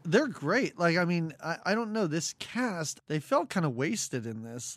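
Woman with a lively, bouncing voice. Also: lowish voice, unhurried, hardly any pauses, dry recording, clean studio sound. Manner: sarcastic, acts out scenes in quoted voices. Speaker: podcast co-host. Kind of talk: casual movie review chat.

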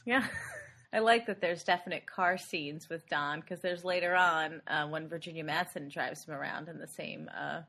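A woman co-hosting a podcast, casually recapping a movie with lively laughter. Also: deep voice, moderate pace, gravelly. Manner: animated, laughs often while recapping. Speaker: podcast co-host. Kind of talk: casual chat about a movie.

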